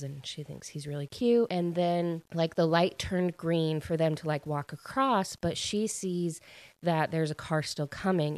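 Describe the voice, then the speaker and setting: A woman's voice: low-pitched, no echo. A young woman in casual chat about a book, rambling and chatty, full of fillers. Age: young adult. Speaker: book reviewer.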